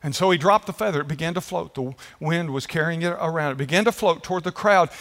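High bright-voiced preaching man. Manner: emphatic preaching, drawn-out phrases and questions to the congregation. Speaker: pastor. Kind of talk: sermon. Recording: echoey hall.

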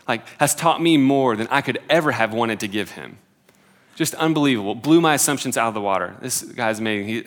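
A man's voice: medium pitch, a bit bright. A man in his twenties preaching a sermon in a casual, conversational way, with many filler "like"s and self-deprecating humor. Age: 20s.

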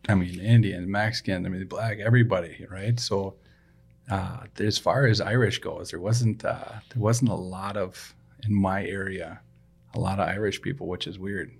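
Gravelly low-voiced man, casual chat. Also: normal speed. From Saint Paul, Minnesota. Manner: relaxed, rambling, trails off. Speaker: podcast co-host.

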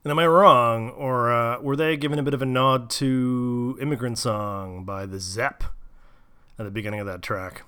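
A man's voice: medium pitch, moderate pace, bright, forceful tone, clear, resonant tone. A man hosting a radio show, chatting casually and jokingly with a nasal voice as he gets over a cold. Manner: jokey, rambling, enthusiastic. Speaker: radio host.

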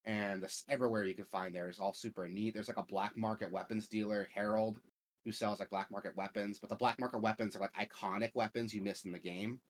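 A young man in casual gaming-podcast chat, talking on and on with "like" and swearing in every sentence. His voice sits a little low. He sounds relaxed and unscripted. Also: quick pace. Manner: rambling, profane, filler-heavy. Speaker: podcast host.

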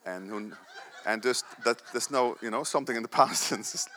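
A man's voice: medium pitch, moderate pace, a little hiss or hum. A man preaching a sermon, telling stories and joking with the congregation. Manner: animated storytelling with audience banter and laughs.

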